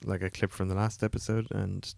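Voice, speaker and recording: A man with a low, gravelly voice, croaky from a coming cold, talks casually through his game code on a livestream. He rambles with fillers and self-deprecating asides. The sound is dry and close, with no room around it. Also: level tone, brisk, darkish tone, no room sound. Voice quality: gravelly, lower than usual. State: croaky, getting a cold, yawning. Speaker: indie game developer streaming his work. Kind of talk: casual livestream commentary while coding.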